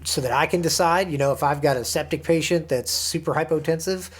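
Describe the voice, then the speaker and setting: A man talking as a firefighter paramedic co-hosting a podcast, relaxed and a bit jokey in casual conversation. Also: a little high, a little fast, slightly rough.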